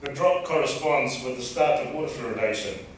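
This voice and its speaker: A man with a New Zealand accent giving a measured lecture presentation as a dentist, with a dry sense of humor. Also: medium pitch, animated, noisy background. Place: lecture hall. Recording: distant echoey hall mic.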